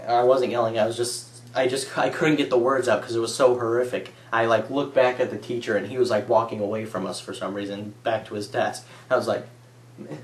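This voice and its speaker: A young man casually telling stories to the camera, rambling and saying "like" a lot. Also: mid-range voice. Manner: rambling, filler-heavy, says "like" a lot. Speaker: vlogger. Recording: echoey room.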